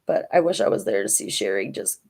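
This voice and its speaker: Older woman, low pitch, casual vlog chat, meandering storyteller. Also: animated, a little fast, creaky, darkish tone. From Minnesota. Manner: rambling, homey storytelling with many restarts. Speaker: diamond painting vlogger.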